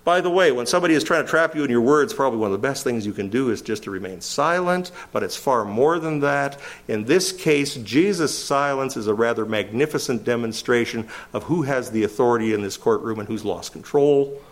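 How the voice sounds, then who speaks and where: An older man preaching a verse-by-verse sermon, animated, his voice climbing sharply when he quotes. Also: medium pitch, brisk, few pauses.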